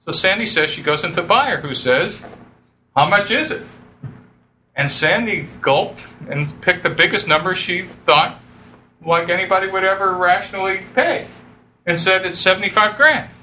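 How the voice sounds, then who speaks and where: A middle-aged man telling lively stories to an audience, acting out the voices he quotes and laughing often. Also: high-pitched, moderate pace, slight background noise. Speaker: speaker telling startup stories. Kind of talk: lively storytelling talk.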